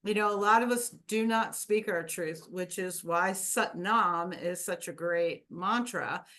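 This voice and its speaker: A woman's voice: fairly low pitch, fairly bright tone. A woman leads a small wellness class and talks to the group unhurriedly. She drifts from point to point in a loose, chatty way, with plenty of ums along the way. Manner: chatty, meandering, with fillers and laughs. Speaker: wellness workshop host. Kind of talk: casual teaching to a group.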